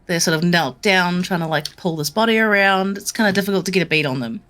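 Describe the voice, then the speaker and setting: A woman's voice: lowish voice, quick pace, a bit bright. A woman narrating as dungeon master in a tabletop game, chatty and loose, often laughing.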